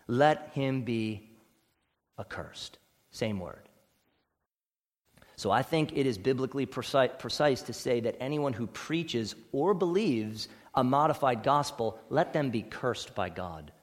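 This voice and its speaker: A man preaching a sermon as pastor, emphatic, swinging between loud stressed words and quiet low asides. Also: lively intonation, unhurried, big-room sound. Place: church sanctuary.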